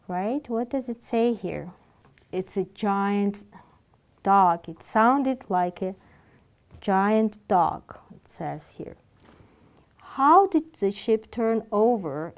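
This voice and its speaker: A woman's voice: medium pitch, a little mellow. Woman teaching English. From Georgia. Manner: explains and repeats patiently, questions the class. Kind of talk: classroom lesson.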